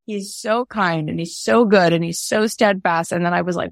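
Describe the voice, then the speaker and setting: A woman's voice: lowish voice, moderate pace, creaky, hardly any pauses, no room sound, clean studio sound. A woman hosting a candid podcast conversation, telling stories animatedly, laughing and acting out quotes. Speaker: podcast host.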